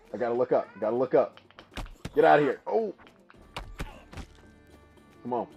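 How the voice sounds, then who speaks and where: Man, gaming streamer, excitable, lively swooping pitch, slightly muffled audio. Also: moderate pace, gravelly, long pauses, soft background music. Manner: excitable, laughing, trash-talking the opponent. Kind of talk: casual live gameplay commentary.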